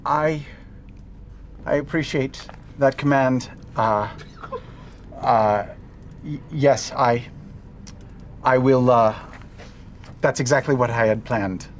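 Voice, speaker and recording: A man's voice: medium pitch, slow, pauses often, slight background noise. A man playing a tabletop game, hesitant and stammering as he talks. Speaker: player.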